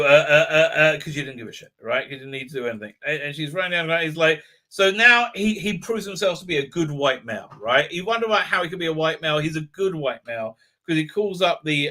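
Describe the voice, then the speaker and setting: A man talks through an episode in a loose, rambling live-stream commentary, full of fillers and restarts. His tone stays scornful, and his voice is very bright and sits a little high for a man. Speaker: show host reviewing an episode.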